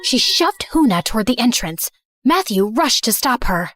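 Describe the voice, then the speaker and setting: A woman narrating a scripted animated story in first person, earnest and remorseful. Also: fairly high pitch, moderate pace, no echo, studio quality.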